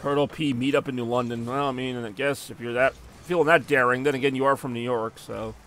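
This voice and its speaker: A man's voice: mid-range voice, steady tone, brisk, a bit bright, slight background noise. A man live-streaming a car soccer game, chatting casually with viewers in a rambling, jokey way. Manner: rambling and jokey, answering chat between plays.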